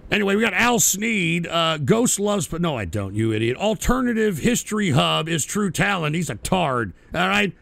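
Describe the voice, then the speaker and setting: A man's voice: high-pitched, lively intonation, moderate pace, gravelly, hardly any pauses, a bit bright, no echo. A man hosting a live talk stream who reads out chat names in a profane, sarcastic ramble. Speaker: streaming talk show host.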